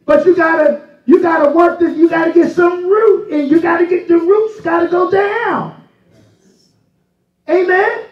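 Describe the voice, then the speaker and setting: In a measured, steady tone, a very high-voiced pastor gives a down-to-earth sermon, raising his voice to a shout when he wants emphasis. The mic catches him from a distance in a large church space, sounding somewhat dull.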